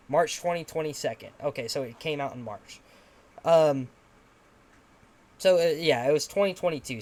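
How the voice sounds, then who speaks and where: A young man chatting casually as a podcast host. He rambles, leans on fillers, and drops in offhand swearing as he talks. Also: a little high.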